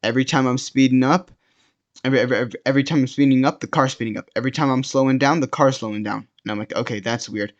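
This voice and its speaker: A man's voice: medium pitch, steady tone, very fast. A young man casually narrating a personal story in first person, rambling and restarting his sentences often. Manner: rambling, many restarts and repeated words. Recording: dull lo-fi sound.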